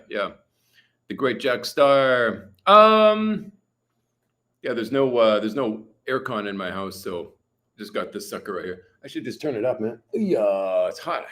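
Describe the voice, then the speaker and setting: A man's voice: fairly high pitch, sharp tone. A man from Canada chatting casually on a livestream, reading viewer comments and rambling with many fillers. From British Columbia, Canada. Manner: chatty, rambling, lots of "you know" and "uh". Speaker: livestream host. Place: hot room at home with a fan.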